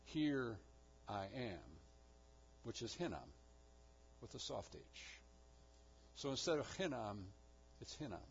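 A man preaching a sermon with emphatic delivery, rising to loud declarations and dropping to hushed low lines. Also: slow, pauses often, dull audio, slight background noise. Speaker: pastor.

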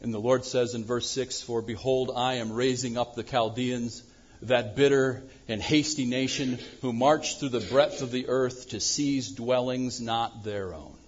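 A man preaching a sermon as pastor, swinging from loud acted-out prayers to low, quiet asides. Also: unhurried, highs cut off, a little hiss or hum. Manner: animated preaching, acting out prayers loudly then dropping low.

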